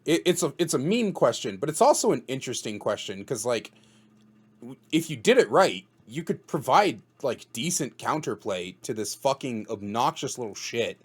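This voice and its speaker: A man's voice: mid-range voice, sing-song, moderate pace, husky. A man hosting a casual gaming podcast, talking bluntly and swearing freely as he chats with his guest. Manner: blunt, swears freely, says "dude" and "bro". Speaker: host interviewing a guest.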